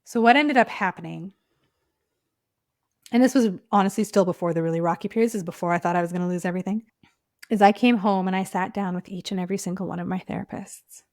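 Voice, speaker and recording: A woman in an everyday pitch, hosting her own podcast and sharing a personal story. She talks casually, with plenty of "like," and stays heartfelt and emotional throughout. Her voice often sinks to a soft near whisper. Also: fast talker, no room sound, clean studio sound. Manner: casual, frequent "like" fillers. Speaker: podcast host and clinic owner.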